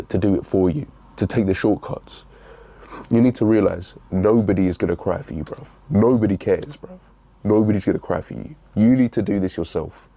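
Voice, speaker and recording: A man's voice: fairly low pitch, dark tone, no echo. A young man giving a blunt, repetitive motivational talk, calling the listener bro. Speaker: fitness motivational speaker.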